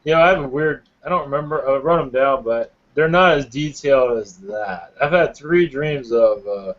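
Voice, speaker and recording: A man's voice: medium pitch, normal speed, a bit bright, muffled recording. A man in casual chat, making wry, joking interjections. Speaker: hangout participant.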